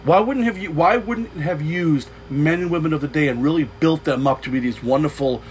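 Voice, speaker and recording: A man's voice: a little high, fairly quick, a little hiss or hum, poor audio. A man preaching an unscripted sermon, loose and rambling, with frequent restarts and repeated words. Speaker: pastor.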